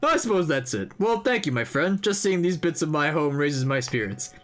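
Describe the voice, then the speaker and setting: Nestor, a man reading an old, gentle echidna historian. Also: fairly high pitch, expressive, moderate pace, pitched above the performer's own voice, close to an everyday voice. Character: elderly male echidna historian, gentle, wistful, homesick. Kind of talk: reading game dialogue aloud.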